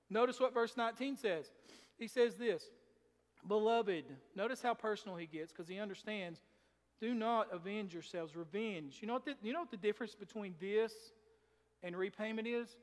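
Folksy high-voiced male preacher. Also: normal speed, in a large hall. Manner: folksy preaching, rises and drops in volume for emphasis. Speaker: pastor. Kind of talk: sermon.

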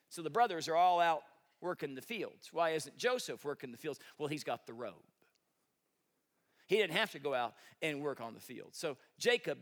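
A man's voice: fairly high pitch, fairly bright tone. A man preaching a sermon, retelling a story with rhetorical questions and folksy joking asides. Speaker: pastor.

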